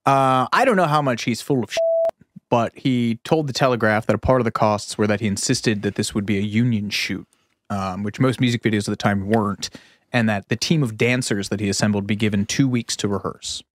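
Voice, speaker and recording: A man's voice: on the low side, brisk, dry recording, studio quality. A man co-hosting a podcast, telling stories in a playful, casual way. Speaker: podcast co-host. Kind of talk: casual chat.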